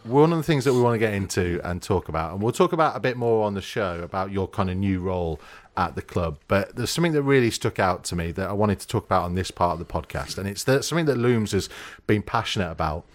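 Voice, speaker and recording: Low-voiced chatty male podcast host. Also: animated, fast, few pauses. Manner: chatty, teasing storyteller. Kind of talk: casual chat.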